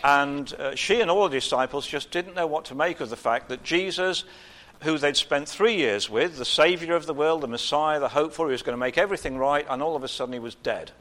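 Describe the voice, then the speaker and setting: A man preaching an informal sermon in a conversational way, with frequent pauses and gentle humor. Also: fairly high pitch.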